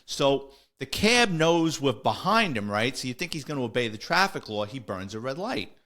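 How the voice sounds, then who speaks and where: An older man tells stories from his police years in a loose, rambling way. His voice sits at an ordinary middle pitch. He keeps stopping to correct himself and fills the gaps with fillers. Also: very animated, normal speed, few pauses, sharp tone. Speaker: podcast host, retired police officer. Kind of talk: casual storytelling.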